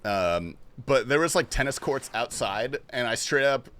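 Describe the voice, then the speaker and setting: Young man streamer, bright voice, very animated, lots of swearing; casual storyteller. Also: mid-range voice, measured pace. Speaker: game streamer. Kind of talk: casual story-telling chat while gaming.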